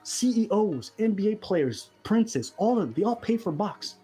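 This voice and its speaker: A man's voice: high-pitched, very animated, normal speed, warm tone, soft background music. A man giving blunt, mocking commentary full of crude slang, reacting heatedly to a video.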